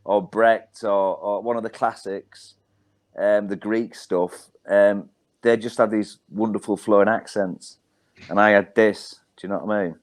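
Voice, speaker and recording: A man's voice: on the low side, steady tone, unhurried. A middle-aged man with a Hull accent, a guest comedian telling rambling, wry stories with lots of ums. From Hull, England. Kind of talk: casual storytelling.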